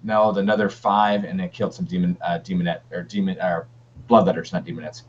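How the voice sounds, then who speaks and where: A man's voice: deep voice, little pitch movement, quick pace, a little hiss or hum. A man co-hosting a wargaming podcast in a laid-back, rambling chat with many fillers. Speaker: podcast co-host. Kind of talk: casual chat. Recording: dull lo-fi stream audio.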